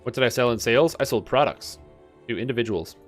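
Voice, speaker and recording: A man's voice: medium pitch, quick pace, faint music behind. A young man streaming a game, chatting casually and rambling through stories. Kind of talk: casual chat while gaming. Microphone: webcam-streaming setup.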